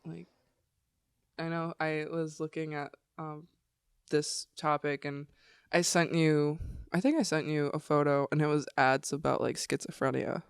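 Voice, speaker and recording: Podcast co-host, woman; gravelly yet smooth voice, chatty and rambling, dry close mic. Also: low-pitched, steady tone, measured pace, no room sound. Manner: chatty, loose, trails off mid-sentence. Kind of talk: casual chat.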